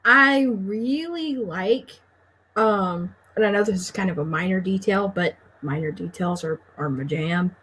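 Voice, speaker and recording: A woman co-hosting a casual book discussion, giving thoughtful, measured feedback. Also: medium pitch, a bit bright, a little hiss or hum, rough recording. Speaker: co-host. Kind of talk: casual chat.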